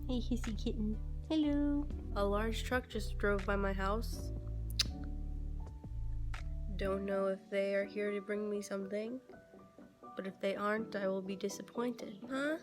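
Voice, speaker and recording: A woman filming a casual unboxing vlog on her phone, excitedly talking to her pets. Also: mid-range voice, measured pace, long pauses, over music. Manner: excitable, squealing baby talk to her pets. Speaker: vlogger with a service dog. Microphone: phone camera.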